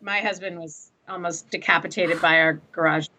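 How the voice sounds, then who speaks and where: A middle-aged woman, a guest on a podcast, chatting casually and telling animated stories with frequent laughs. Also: fairly low pitch, normal speed, a little hiss or hum. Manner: animated storyteller, laughs often.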